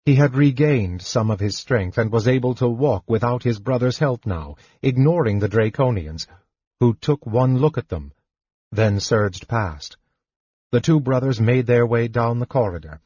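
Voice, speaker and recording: A man reading a fantasy novel aloud in slow, measured narration. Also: mid-range voice, expressive, warm tone, slightly rough, no room sound. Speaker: audiobook narrator. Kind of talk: scripted narration. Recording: dull lo-fi recording.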